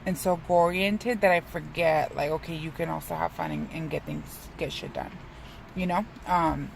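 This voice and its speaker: Young woman talking thru her rough morning, swears a lot, gravelly fry in her voice, faint car hum behind. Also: low voice, expressive, normal speed, rough recording. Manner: rambling, profane, self-mocking. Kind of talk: casual reflective vlog.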